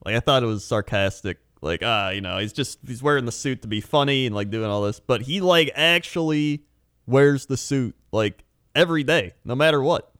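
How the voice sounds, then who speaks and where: A man in casual chat as a podcast co-host, laid-back and rambling, full of fillers and quick laughs. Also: medium pitch, fairly bright tone, no echo, studio quality.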